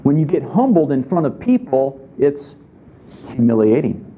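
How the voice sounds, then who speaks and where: A man's voice: medium pitch, very animated, moderate pace, slightly rough, narrow, tinny audio. A man preaching a sermon in a conversational way, often asking his listeners questions. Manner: conversational, asks the congregation questions. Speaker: pastor.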